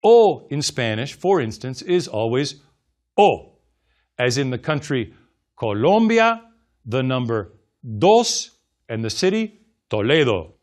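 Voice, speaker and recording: Slow, lively-voiced male language teacher. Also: medium pitch. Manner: slow, careful, exaggerated enunciation for repetition drills. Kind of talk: scripted language lesson narration.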